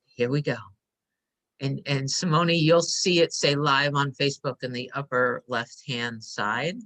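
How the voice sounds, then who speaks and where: A woman hosting a live stream, speaking softly and emotionally as she guides listeners through a breathing meditation. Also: rumbling low, fairly even intonation, a little slow. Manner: soft, emotional, inviting. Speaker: host.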